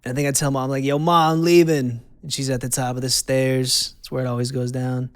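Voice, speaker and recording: A man's voice: mid-range voice, completely flat delivery, brisk, no room sound, studio quality. A man, hosting and candidly telling his personal testimony in a conversational way, repeating phrases for emphasis. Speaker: host.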